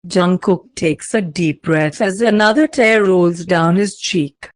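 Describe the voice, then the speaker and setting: A woman reading fan fiction aloud as narrator, in slow, even storytelling. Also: on the low side, no echo.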